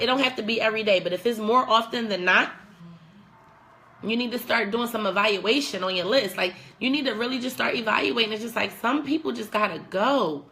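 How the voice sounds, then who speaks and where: Young woman vlog host, blunt and profane, bright forward voice. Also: a little high. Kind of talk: casual advice vlog.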